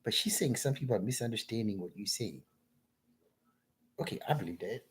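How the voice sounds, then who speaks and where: A man's voice: fairly low pitch, lively intonation, fairly quick, slightly rough. A man talking in a rambling solo monologue, drifting from thought to thought and calling the listener "man.".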